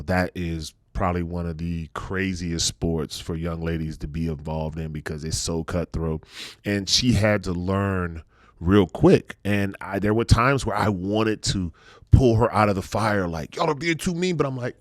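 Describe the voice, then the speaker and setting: A man's voice: deep voice, normal speed, dry recording, studio quality. A middle-aged man hosting a casual podcast chat, telling personal stories earnestly and dropping his voice when he turns reflective. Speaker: podcast host.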